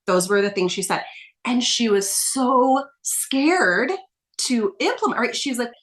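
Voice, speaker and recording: A woman's voice: fairly high pitch, animated, a little slow. A woman coach speaking as a podcast guest, explaining emphatically in casual talk and tagging points with "right?". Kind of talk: casual conversation.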